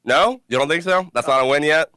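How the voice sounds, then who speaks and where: A young man hosts a casual podcast with a bright, forward voice, and he tells his stories in an animated, laughing way. The sound is dry and close, with no room around it. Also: on the high side, fairly quick, dry recording. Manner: animated storytelling, laughs often, cusses freely. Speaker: podcast host.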